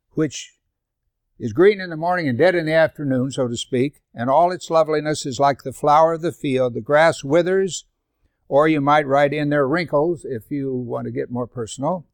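A man's voice: fairly high pitch, no room sound, clean studio sound. An older man leading a Bible study in a sermon style, reading scripture aloud between conversational asides.

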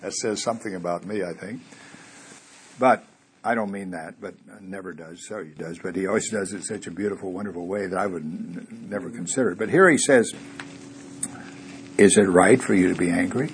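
A man's voice: low voice, a little fast, slight background noise. A man preaching a conversational sermon in a church, asking his listeners rhetorical questions and chuckling now and then.

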